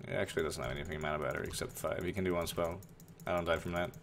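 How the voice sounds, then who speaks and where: A man's voice: low voice, steady tone, rapid-fire, vocal fry, slight background noise. A young man streaming a game, casually talking through play, muttering to himself, swearing and flaring up in exasperation. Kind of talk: casual live gameplay commentary.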